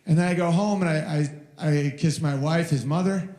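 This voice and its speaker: A man in his thirties doing a rambling stand-up comedy set on stage, telling stories about his toddler and shouting the child's lines in a high voice. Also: moderate pace. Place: live venue with audience. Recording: roomy live venue sound.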